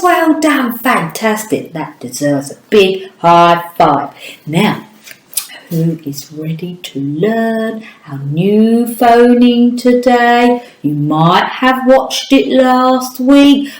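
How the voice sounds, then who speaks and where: A woman's voice: a little high, very animated, slow pace, darkish tone. A woman from the United Kingdom teaching a children's phonics lesson, encouraging and speaking straight to a young viewer. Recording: echoey room.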